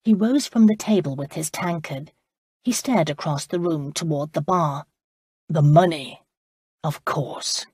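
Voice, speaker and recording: A woman narrating an audiobook in a steady, even storytelling manner. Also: sits low, normal speed, breathy edge, no echo, clean studio sound. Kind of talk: scripted narration.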